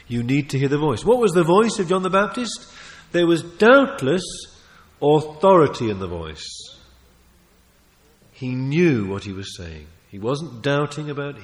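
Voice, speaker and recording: A man preaching a sermon, emphatic and animated, often restarting his phrases and adding asides. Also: fairly high pitch. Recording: long reverb of a large hall.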